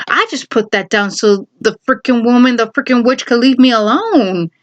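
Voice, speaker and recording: A woman's voice: a little high, moderate pace, few pauses, a bit bright, highs cut off. A woman telling a personal story in casual chat, rambling with lots of fillers and frequent laughs.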